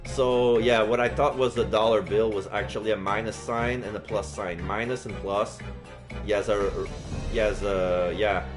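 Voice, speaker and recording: A man's voice: on the low side, steady tone, normal speed, over music. A man casually commenting on a game while streaming live, rambling with fillers. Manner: casual, lots of fillers and restarts.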